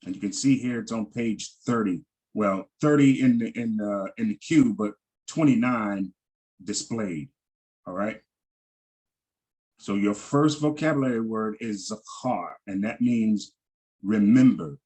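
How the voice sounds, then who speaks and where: A man's voice: on the low side, unhurried, a little mellow. A man teaching a Hebrew vocabulary lesson, patiently repeating each word with frequent ums and restarts.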